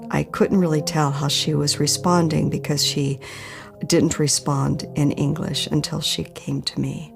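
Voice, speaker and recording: A middle-aged woman, interviewed about her life, earnestly tells the story of a personal ordeal, emotionally voicing the people she met through quoted dialogue. She speaks low and flat, a little slowly, with vocal fry, while music plays behind her.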